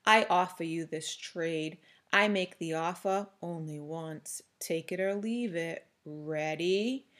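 A woman's voice: on the low side, slow, fairly bright tone. A woman voicing a sinister, contemptuous male trader who hisses and oozes his words in a storybook reading. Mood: menacing. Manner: oozing, hissing, contemptuous.

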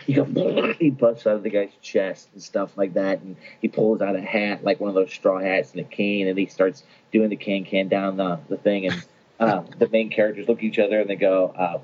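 A man's voice: fairly low pitch, moderate pace. A man co-hosting a podcast, chatting casually and retelling scenes with giggly enthusiasm. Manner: giggly, animated storyteller. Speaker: podcast co-host. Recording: dull lo-fi podcast audio.

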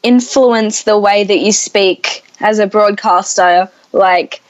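A woman's voice: mid-range voice, takes it slowly. A young woman with an Australian accent, chatting casually as a podcast guest and peppering her speech with "like" and "um". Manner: chatty, fillers like "like" and "um". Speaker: guest musician.

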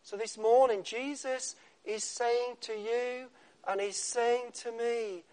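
Slow, dramatic male preacher. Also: extremely high pitch, fairly even intonation. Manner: dramatic pauses, drops to a soft hush on key words. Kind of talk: sermon.

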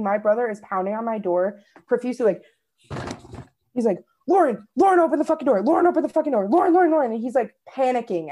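A woman's voice: mid-range voice, a little mellow. A young woman, co-hosting a podcast and telling stories in casual chat. She swears freely and acts out what people said. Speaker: podcast co-host.

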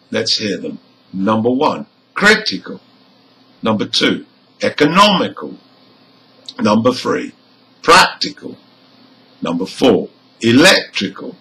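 Male teacher, slow and deliberate, lively intonation, crisp over-enunciated examples. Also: medium pitch, low-quality recording. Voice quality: careful, over-enunciated delivery of example words. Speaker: English pronunciation teacher. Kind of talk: slow, deliberate lesson explanation.

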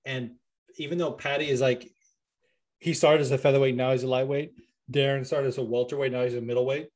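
A man hosting a podcast in casual, animated chat, often laughing and swearing. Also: mid-range voice, brisk, no room sound. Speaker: podcast host.

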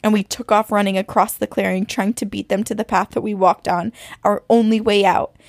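A woman with a gravelly, fry-laced voice reads a listener's tale aloud and slows down for suspense. Her voice sits at a middle pitch and sounds close and dry. She is co-hosting a podcast. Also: little pitch movement, dry recording. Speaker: podcast co-host. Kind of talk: reading a listener's story aloud.

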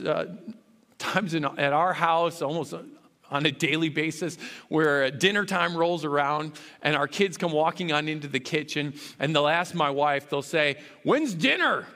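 A man's voice: fairly high pitch, sharp tone. A man preaching a sermon as a pastor, earnest and rising to fervent emphasis. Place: church sanctuary. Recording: long hall reverb.

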